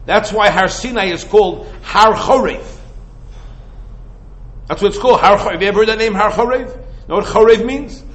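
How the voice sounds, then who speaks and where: A man teaching Torah in a lively lecture. He fires off rhetorical questions and mixes Hebrew and Yiddish terms into casual English. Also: sits high, moderate pace, pauses often, poor audio. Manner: animated, full of rhetorical questions.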